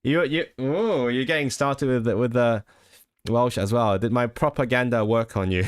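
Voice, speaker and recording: A man's voice: mid-range voice, a little slow. A man chatting casually with his live-stream viewers, rambling with frequent laughs and restarts.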